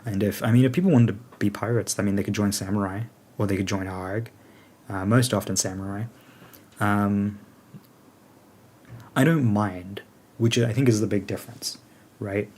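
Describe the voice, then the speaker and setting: Here a man with a fairly low voice plays the part of a game alliance leader fielding questions in easygoing conversation. He meanders, thinking aloud and stopping often on "um" and "like" as he sorts out his answers.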